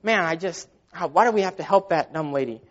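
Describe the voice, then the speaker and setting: Preacher voicing a whiny male monk, complaining about his sore back, somewhat high and muffled. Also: a little fast, close to an everyday voice. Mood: whining. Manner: whining, moaning. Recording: dull lo-fi sound.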